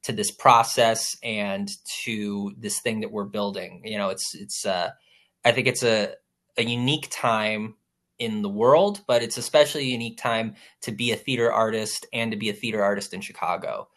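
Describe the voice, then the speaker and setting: A man's voice: lowish voice, steady tone, normal speed, a bit bright. A man moderating a roundtable discussion with playwrights, speaking casually with frequent ums and restarts. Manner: hesitant, many ums and restarts.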